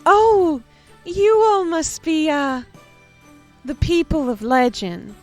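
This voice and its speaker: A game master voicing a graceful village wife who gushes over the travelers in a raised, excited voice, with soft music behind. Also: high voice, slow, pitched above the performer's own voice, exaggerated voice. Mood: gushing.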